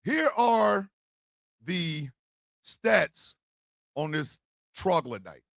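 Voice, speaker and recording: A man's voice: high-pitched, very animated, very slow, creaky, fairly bright tone, no room sound. A man hosting a comedy podcast, ranting in a profane, mocking way with bursts of laughter, close on the mic. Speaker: podcast host. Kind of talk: comedic rant.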